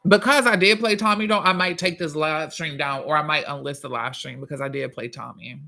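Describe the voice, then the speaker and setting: Gravelly-voiced man chatting on a livestream. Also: a little high, sharp tone. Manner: chatty, profane, drawn-out phrasing. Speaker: livestream host and musician. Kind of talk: casual livestream chat reading viewer comments.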